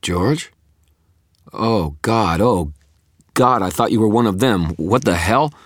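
A man voicing a panicked young red-haired man with a gun, frantic and shouting. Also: on the low side, lively intonation, slow pace, no room sound, clean studio sound, pitched above the performer's own voice. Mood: horrified.

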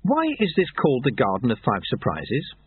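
A man's voice: mid-range voice, huge pitch swings, moderate pace, breathy edge, dry recording. A man voicing an earnest young novice monk who asks eager, flustered questions, heard through tinny phone-like audio.

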